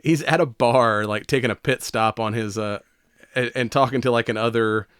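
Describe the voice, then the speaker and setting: A man co-hosts a podcast, rambling casually and profanely about a movie and laughing often. His medium-pitched voice is smooth and fairly bright, at a moderate pace, in a studio-quality recording with no room sound.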